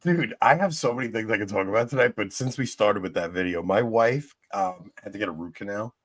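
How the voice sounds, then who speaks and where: A man's voice: on the low side, fairly quick, dry recording. A young man co-hosting a casual talk show, telling a story with frequent laughs and joking asides. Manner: laughing often, joking, mimics people in stories. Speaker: podcast co-host.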